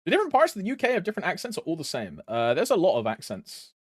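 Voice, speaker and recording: A man's voice: high voice, huge pitch swings, very fast, slightly rough, dry recording. A game streamer chatting with sweary, laddish banter. His voice swings widely up and down as he talks. The sound is close and dry, with no room around it. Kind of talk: casual live stream chat.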